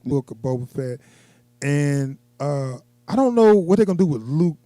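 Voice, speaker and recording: A man, co-hosting a podcast in casual chat, animated and slipping into quoted voices. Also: fairly high pitch, moderate pace, no room sound. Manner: animated, acts out quoted people in raised voices. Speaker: podcast co-host.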